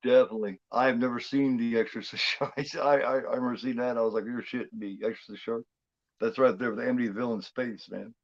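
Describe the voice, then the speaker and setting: A man chatting casually during a movie watchalong, rambling and halting with lots of fillers and restarts. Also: mid-range voice, steady tone, dull audio. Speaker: guest co-host.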